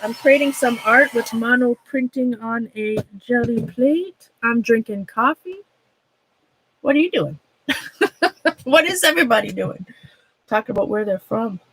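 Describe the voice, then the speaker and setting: A woman's voice: fairly high pitch, expressive, fairly bright tone, a little hiss or hum, poor audio. Chatty Minnesota woman livestreaming craft. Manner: chatty, rambling, self-interrupting, quick to laugh. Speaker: art livestream host. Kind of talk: casual livestream chat while demonstrating a craft.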